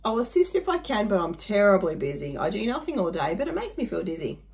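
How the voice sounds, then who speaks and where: A woman's voice: medium pitch, sing-song, fast, vocal fry, a little mellow. Lady as a stern busy boss man, pompous, storybook reading. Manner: stern and self-important.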